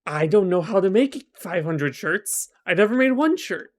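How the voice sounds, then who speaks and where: A man's voice: fairly high pitch, rapid-fire, lightly acted. Give me a man voicing a flustered, stammering young woman from a storybook tale. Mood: panicked. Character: panicked young woman who cannot sew.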